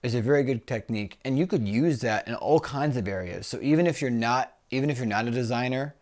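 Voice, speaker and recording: A man of middle pitch co-hosting a relaxed business talk. He explains ideas plainly and chats easily with his partner. He keeps returning to an invitation to book a call. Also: quick pace. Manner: conversational, pitching a one-on-one call. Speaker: business coach co-host. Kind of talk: casual chat.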